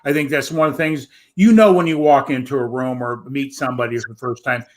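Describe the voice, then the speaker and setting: A man hosting a show over a video call, speaking in a measured, affirming way. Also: mid-range voice, fairly even intonation, a little hiss or hum. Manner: measured, affirming, praising guest. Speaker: show host. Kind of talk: interview chat.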